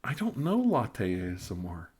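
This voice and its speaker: A middle-aged man hosting a casual live stream, tipsy and rambling, stammering through restarts and sometimes dropping into soft whispers as he reads viewer comments. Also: lowish voice, huge pitch swings, normal speed, breathy edge. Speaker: ASMR live stream host.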